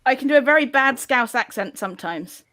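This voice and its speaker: A woman's voice: high voice, animated, brisk, sharp tone. A young woman on a comedy panel, chatting in a rambling way and laughing often. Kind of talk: casual chat.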